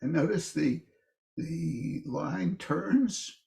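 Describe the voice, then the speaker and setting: An older man with a gravelly, fry-edged voice gives a relaxed classroom talk on a poem. He speaks slowly and halts often, doubling back on his words as he thinks. His voice lifts when he reads lines of verse aloud. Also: roomy sound. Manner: thoughtful, halting, with frequent restarts and "uh"s; livelier and higher when reading verse aloud. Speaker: lecturer teaching a poetry class. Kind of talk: informal classroom lecture.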